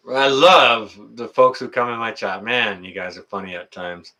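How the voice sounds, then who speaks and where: A man's voice: on the low side, moderate pace, hardly any pauses, pushed and bright. A middle-aged man hosting a casual livestream, reading the chat in a folksy way, with lots of fillers and laughter.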